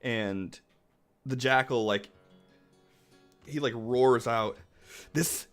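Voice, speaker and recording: A male game master who narrates a tabletop game slowly and easily, pausing often on fillers. Faint music plays underneath his voice. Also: mid-range voice, clean tone. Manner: relaxed, filler-heavy narration.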